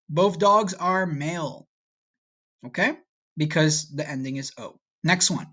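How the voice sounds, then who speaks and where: A man teaching a recorded language lesson, patient and slow, often checking in with "okay?". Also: on the high side, sharp tone. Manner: speaks slowly for learners to repeat. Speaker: Spanish teacher.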